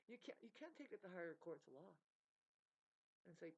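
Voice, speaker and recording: A woman's voice: fairly low pitch, sing-song, normal speed, long pauses, breathy edge, poor audio. A woman giving an unscripted, rambling rant to camera, emphatic and full of swearing and digressions. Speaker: vlogger.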